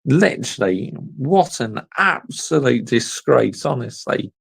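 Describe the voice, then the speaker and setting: A man's voice: medium pitch, very animated, slow pace, vocal fry, breathy edge, rough recording. A young man hosting a casual livestream, reading the live chat and ranting bluntly in an exasperated way. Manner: exasperated, blunt, repeats "honestly" and "mate".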